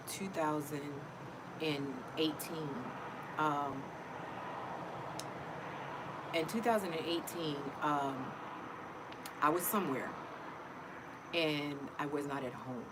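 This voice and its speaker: Middle-aged female vlogger, low register, chatty and emotional; noisy home recording. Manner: chatty, emotional, repeats herself. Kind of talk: casual personal vlog.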